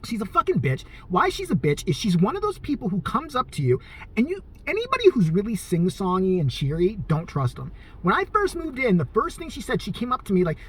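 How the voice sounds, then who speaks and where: A man's voice: fairly high pitch, fast talker, breathy edge. A man telling a profane, comedic rant about his day in a casual vlog. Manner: animated, profane, storytelling. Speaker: vlogger.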